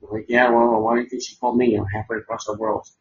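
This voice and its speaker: A man's voice: on the low side, little pitch movement, fast talker, gravelly. Sarcastic, profane male podcast host. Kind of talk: casual crude chat. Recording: dull lo-fi audio.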